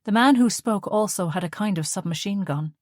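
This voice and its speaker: A woman reading audiobook narration in a measured, steady way on a close studio mic. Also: medium pitch, no echo.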